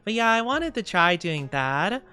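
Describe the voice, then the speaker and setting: Giggly, lively-voiced male streamer. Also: high voice, measured pace, smooth. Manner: playful, giggly, lively rambling. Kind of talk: casual live-stream chat.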